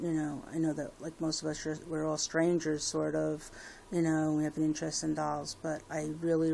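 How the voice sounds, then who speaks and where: A woman's voice: low-pitched, gravelly, darkish tone, slight background noise. A woman giving a casual personal update to her viewers, rambling with many fillers and restarts. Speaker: vlogger.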